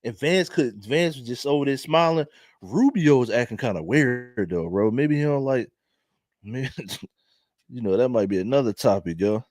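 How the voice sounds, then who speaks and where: A young man with a Philadelphia accent doing casual, laughing commentary to his viewers in drawn-out slang. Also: medium pitch, animated, darkish tone, dry recording, clean studio sound. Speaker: commentary vlogger.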